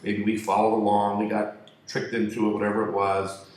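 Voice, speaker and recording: A man's voice: fairly low pitch, monotone, brisk, a little mellow. A man telling a crude, profane, joking story in a rambling monologue. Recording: echoey room.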